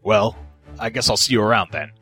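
A formal, honor-bound male officer from a storybook reading, voiced by a man. He speaks stiffly, in a deep register. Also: a little fast, pushed and bright, faint music behind. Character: proud, guilt-ridden male warrior officer.

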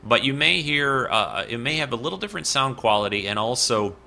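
A man's voice: medium pitch, lively intonation, fairly quick, gravelly, bright, forceful tone. A man hosting a casual solo podcast from his apartment bedroom, rambling and goofy with lots of fillers. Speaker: podcast host.

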